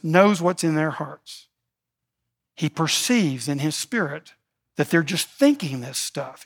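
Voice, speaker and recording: A man preaching a sermon as pastor, building emphasis and slowing to stress key words. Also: a little high. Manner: preaching with rising emphasis, slow deliberate stresses.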